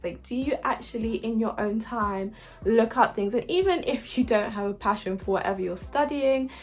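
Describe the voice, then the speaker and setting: A young woman from the UK giving casual advice about university applications, chatty and upbeat with frequent fillers. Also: on the high side. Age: young adult. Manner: chatty and upbeat, lots of likes and ums.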